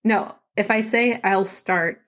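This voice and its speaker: A woman with a mid-range voice co-hosts a casual book-club podcast. She retells the story in an animated way, giggling often as she acts out characters' lines in quick quoted bits.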